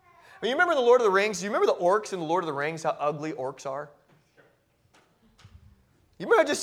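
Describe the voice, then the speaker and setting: A man preaching a sermon as pastor, moving from quiet reflective passages to loud, emphatic declarations and often repeating words as he builds. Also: high voice, big pitch swings, brisk. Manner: repeats and restarts words when carried along.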